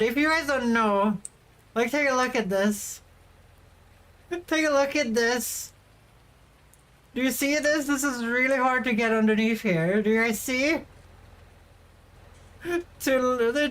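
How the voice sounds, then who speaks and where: A woman streamer with a fairly high voice talks to her viewers in unhurried, rambling chat as she plays a game. Her talk wanders and stalls, and now and then she breaks into loud exasperation. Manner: rambling, chatty, bursts of loud frustration. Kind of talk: casual livestream chat while gaming.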